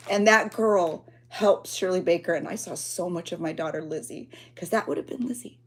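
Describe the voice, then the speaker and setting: Chatty, emotional woman host, lowish voice. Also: normal speed, hardly any pauses. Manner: emotional, rambling, talks to chat. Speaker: journaling channel host. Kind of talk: chatty livestream talk.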